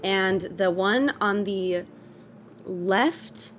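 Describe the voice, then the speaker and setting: A woman's voice: mid-range voice, drawn-out words, a little hiss or hum. A young woman hosting a casual livestream, bubbly and chatty, laughing often and apologizing to her viewers. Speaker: livestream host.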